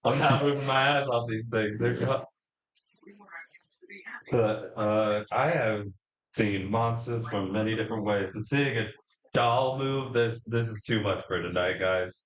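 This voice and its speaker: A man plays his character in a tabletop session, hesitant and full of fillers. His voice sits on the lower side, and the recording is echoey. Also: measured pace. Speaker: player.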